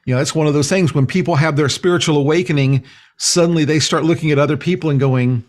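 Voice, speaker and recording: A man with a fairly high voice is speaking as a guest healer in a relaxed interview. His delivery is earnest and meandering, with frequent filler phrases and restarts as he gathers his thoughts. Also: quick pace. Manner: earnest, rambling, many "you know" fillers. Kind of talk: casual conversational interview.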